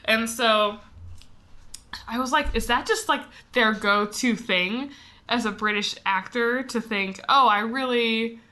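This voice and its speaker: A young American woman chats easily as a podcast co-host, laughing often between filler-heavy remarks. Her voice is bright and sits a little high. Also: takes it slowly. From United States. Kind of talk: casual chat.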